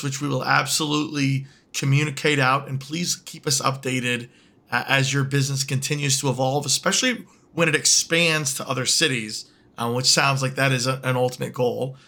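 A man's voice: medium pitch, fairly even intonation, normal speed, creaky, bright, forceful tone. A man hosting an interview show, friendly and joking as he wraps up with his guest. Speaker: podcast host. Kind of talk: casual interview chat.

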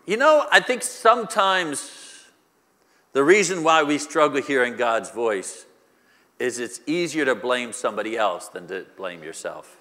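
A man's voice: medium pitch, big pitch swings, a little slow, bright, forceful tone, long reverb tail. A male pastor preaching a sermon, using rhetorical questions and repetition, recorded in a church.

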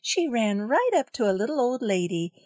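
A woman reading a children's story aloud, carefully and clearly. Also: fairly high pitch, big pitch swings, normal speed, a little mellow, dry recording, clean studio sound.

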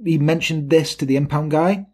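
A man's voice: fairly high pitch, moderate pace, a little mellow, slightly rough. A man hosting a casual true-crime podcast, telling the story in an irreverent, jokey way. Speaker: podcast host.

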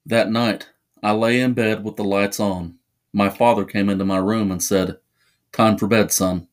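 A man narrating a first-person horror story in a measured, suspenseful way. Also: fairly low pitch, flat delivery.

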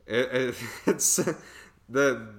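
A man's voice: mid-range voice, fairly even intonation, extremely slow, fairly bright tone. A man casually reviewing a bad film on a podcast, rambling with lots of fillers and laughs. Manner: rambling, filler-heavy, laughs at own jokes. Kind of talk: casual chat.

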